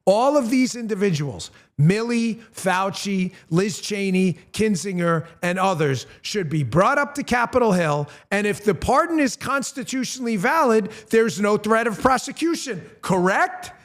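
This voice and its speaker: The middle-aged host of a political commentary show speaks unhurriedly with lively intonation and hardly any pauses. Blunt and heated, he curses and goes higher in pitch as his anger builds.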